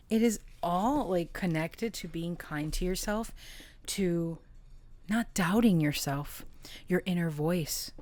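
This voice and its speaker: A woman's voice: lowish voice, slow, darkish tone, no room sound. A woman giving a casual tarot reading, effusive and emotional, often laughing as she reads the cards aloud. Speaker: tarot reader.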